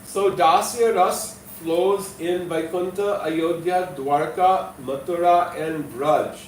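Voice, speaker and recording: A man giving a devotional lecture as a spiritual teacher, explaining slowly and measuredly and chanting verses. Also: high-pitched, fairly even intonation, slight background noise. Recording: distant mic in echoey hall, faint ambience.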